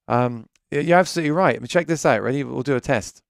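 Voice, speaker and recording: A man's voice: medium pitch, fast, gravelly, few pauses, no room sound. A British man hosting a live gear chat stream from his home studio, chatty and rambling, often restarting his sentences. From Britain. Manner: chatty, rambling, self-correcting. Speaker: gear channel host.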